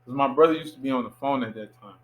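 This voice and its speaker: Talking fast at a medium pitch, a young man from Miami, United States, works as a filmmaker and is guesting on an interview. He tells his story in a lively way, voicing each person's lines as he acts them out.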